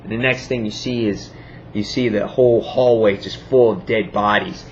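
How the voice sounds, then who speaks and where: A man's voice: fairly low pitch, fairly even intonation, moderate pace, highs cut off, a little hiss or hum. A man giving a casual comic book review, enthusiastic and rambling, full of fillers and acted-out quotes.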